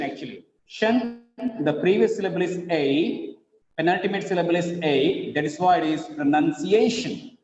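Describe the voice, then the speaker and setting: A man teaching an English pronunciation lesson, spelling words out letter by letter and repeating each word slowly several times. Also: high-pitched, a little mellow, slight background noise. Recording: echoey room, dull lo-fi sound.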